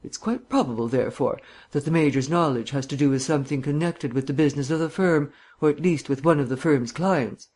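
A man voicing a suave bantering gentleman sleuth. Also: on the high side, brisk, few pauses, breathy edge. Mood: earnest. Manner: bland, teasing, mannered phrasing. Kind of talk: audiobook reading.

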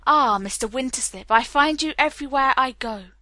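A woman's voice: high-pitched, normal speed, bright, forceful tone, no room sound, pitched above the performer's own voice. A woman reading the part of a haughty, imperious middle-aged naval captain, stiff and formal. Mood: lofty.

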